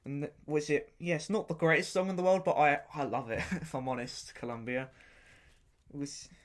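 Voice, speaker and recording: A man's voice: a little high, steady tone, normal speed. Rambling, enthusiastic man hosting a podcast. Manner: rambling and hesitant, often repeats himself and stops to search for words. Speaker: podcast host reviewing an album. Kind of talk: casual unscripted review talk.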